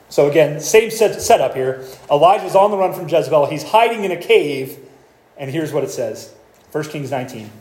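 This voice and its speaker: A man's voice: fairly high pitch, darkish tone, roomy sound. A man preaching a sermon, reading scripture passages aloud and explaining them with earnest emphasis and small restarts. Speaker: pastor.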